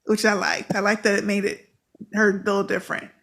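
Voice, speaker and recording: A woman's voice: mid-range voice, flat delivery, a little fast, vocal fry, a bit bright. A woman hosting a casual fan podcast, chatting animatedly and acting out characters' lines. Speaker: podcast host.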